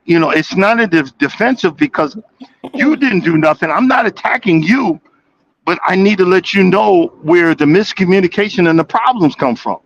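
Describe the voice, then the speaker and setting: A man's voice: high-pitched, animated, moderate pace, highs cut off, slight background noise. A man calling in from his truck cab during a casual chat, talking in stammering restarts and laughing easily. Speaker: caller.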